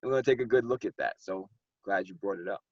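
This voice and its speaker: A man's voice: deep voice, fast, no room sound, lo-fi sound. A man, hosting a casual group discussion as the author and acting out people as he talks. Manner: animated, acts out exaggerated characters mid-story.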